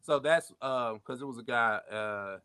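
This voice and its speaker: A man's voice: mid-range voice, unhurried, bright, forceful tone, clear, resonant tone, no echo. Dry, chatty male podcast co-host. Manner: loose, profane, chatty riffing. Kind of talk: casual pop-culture chat.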